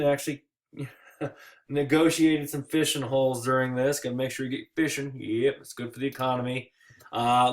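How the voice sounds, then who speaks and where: Casual, joking male history teacher. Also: mid-range voice. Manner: casual, joking asides with playful quoted voices. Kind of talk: recorded slide lecture.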